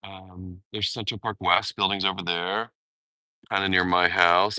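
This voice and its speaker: Low-voiced man rambling on a park walk. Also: little pitch movement, a little slow, pushed and bright, no room sound. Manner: chatty, rambling, fond asides. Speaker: vlogger. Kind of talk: live-stream walking vlog. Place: outdoors in a city park.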